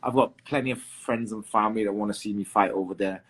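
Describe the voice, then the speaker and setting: Chatty husky Englishman with a London accent. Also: on the low side, steady tone, quick pace, fairly bright tone. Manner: chatty, swears, fills with "um" and restarts. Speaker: guest fighter. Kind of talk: casual interview chat.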